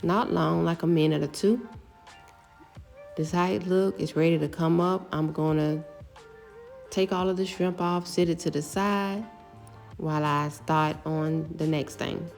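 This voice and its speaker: A middle-aged woman casually talking through her home cooking step by step, relaxed and chatty. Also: low voice, measured pace, vocal fry, soft background music. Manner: relaxed, step-by-step explaining with fillers.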